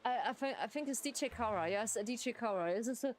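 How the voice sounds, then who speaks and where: A woman's voice: on the high side, quick pace. A woman streamer with German as her first language, reading game text aloud and chatting while she plays, giggling and restarting words. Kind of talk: live game playthrough commentary.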